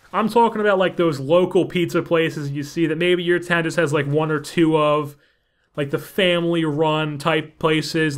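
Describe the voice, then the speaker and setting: A man's voice: a little high, fairly bright tone. A young man in his late teens from Central New Jersey, with a Jersey accent, telling joking stories as a gaming channel commentator. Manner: joking, sarcastic asides, rising emphasis. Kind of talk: casual storytelling over gameplay.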